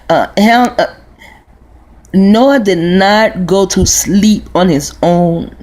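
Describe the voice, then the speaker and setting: Gravelly-voiced woman rambling in a vlog. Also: fairly low pitch, darkish tone. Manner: rambling and profane, with many restarts and fillers. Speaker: vlogger. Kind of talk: casual rambling monologue.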